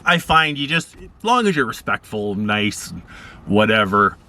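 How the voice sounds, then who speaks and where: This vlogger tells casual stories in a rambling, laid-back way, his bright, forceful voice very animated yet measured in pace. When quoting people, he acts them out in higher voices.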